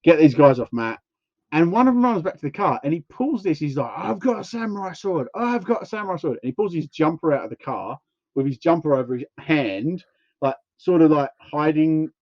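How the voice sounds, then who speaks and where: Speaking fairly quickly in a voice on the high side, a podcast co-host rambles through a long anecdote in casual chat, acting out people's quotes with animation. The recording is muffled, without room sound.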